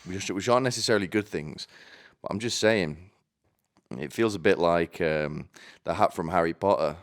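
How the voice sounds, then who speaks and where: A man delivering a rambling comedic monologue in a deadpan way, often stumbling and restarting his sentences. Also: deep voice, moderate pace. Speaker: comedy vlogger.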